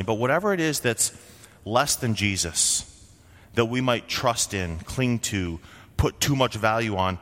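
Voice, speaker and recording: A man's voice: lowish voice, fairly bright tone, long reverb tail. A man from Vermont preaching a sermon as a pastor, in a conversational way with frequent rhetorical questions. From Vermont, USA.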